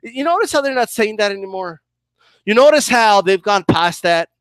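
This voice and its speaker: A man rants through heated boxing commentary, combative and profane, circling back to the same points. His voice sits high. The sound is dry and close. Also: expressive, a little fast, a bit bright, dry recording. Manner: combative, profane, repetitive ranting.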